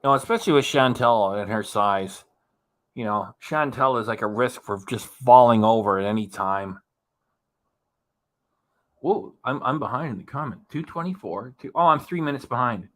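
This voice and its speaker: A man's voice: medium pitch, moderate pace, fairly bright tone. A man casually commenting as host of a reaction channel, chatty and rambling, laughing often as he talks.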